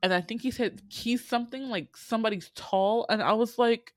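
A young adult podcaster recapping a film in a casual, profane ramble, full of fillers, asides and quick laughs while quoting the characters. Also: mid-range voice, no room sound. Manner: swears freely, laughs often, quotes characters.

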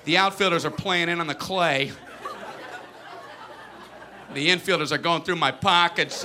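A man doing a stand-up comedy routine, animated and often slipping into childish voices. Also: unhurried, pauses often, noisy background. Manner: animated, slips into high-pitched childish voices. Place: comedy venue before a live audience. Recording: live stage recording with loud crowd laughter.

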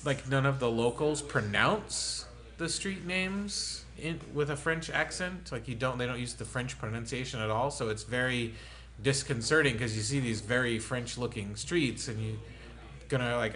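A man's voice: medium pitch, normal speed, bright, forceful tone. A man co-hosting a podcast in a casual, joking chat. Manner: joking, playful, wanders into silly asides. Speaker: podcast co-host.

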